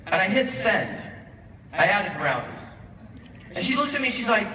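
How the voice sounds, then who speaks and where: A bright, forceful man gives an animated award acceptance speech, acting out both sides of a conversation as he tells his story. His voice carries through a roomy hall, picked up from a distant mic over a faint hiss. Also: high voice, moderate pace. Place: large event hall with audience.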